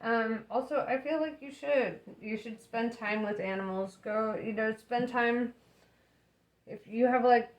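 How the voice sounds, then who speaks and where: A young woman giving a casual tarot reading, chatty and relaxed, with plenty of fillers and frequent laughter. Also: a little high, a little slow. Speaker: tarot reader.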